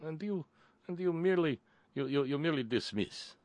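A man's voice: fairly high pitch, lively intonation, fairly quick, darkish tone, dry recording, voice pushed up, close to an everyday voice. A man putting on an indignant Russian accent, speaking in broken grammar and protesting wounded pride. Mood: offended. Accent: put-on Russian. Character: indignant Russian man, adult, easily offended.

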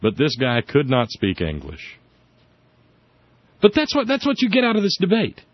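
A man's voice: on the high side, wildly swooping pitch, moderate pace, dry recording. Sardonic rambling man on a dull dry recording. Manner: sardonic, rambling, frequent restarts. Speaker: podcast host. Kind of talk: casual political chat.

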